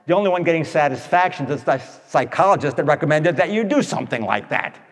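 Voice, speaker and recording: A man telling stories to an audience in a blunt, animated way, tossing in rhetorical questions. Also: on the high side, fast talker. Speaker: speaker addressing an audience. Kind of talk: storytelling talk to an audience. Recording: long echoey hall reverb.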